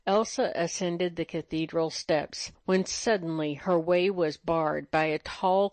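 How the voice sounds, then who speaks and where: A woman narrating an old legend in a measured, even storytelling manner. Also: on the low side, dry recording. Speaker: audiobook narrator.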